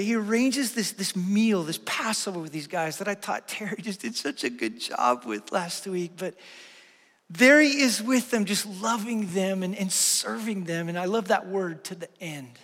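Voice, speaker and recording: A middle-aged man preaching a sermon as pastor, telling a personal story with earnest feeling, going from loud and bright to hushed and quiet. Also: sits high, long reverb tail.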